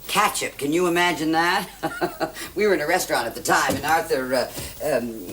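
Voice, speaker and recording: An actress playing a wealthy middle-aged hostess who rambles with fillers. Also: female voice, low-pitched, normal speed, a bit bright, a little hiss or hum. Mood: storytelling. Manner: chatty, rambling with many fillers.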